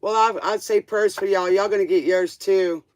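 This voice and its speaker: A woman's voice: mid-range voice, fairly even intonation, moderate pace, darkish tone, slight background noise. A woman hosting a live tarot stream, chatting casually with viewers and laughing often.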